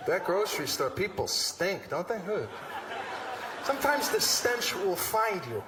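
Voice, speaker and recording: A man doing a stand-up routine on stage, telling stories in an animated, exasperated way with acted-out asides. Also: sits high, measured pace, a crowd in the background. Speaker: stand-up comedian. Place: comedy stage before a live audience. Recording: roomy venue with live audience and noise.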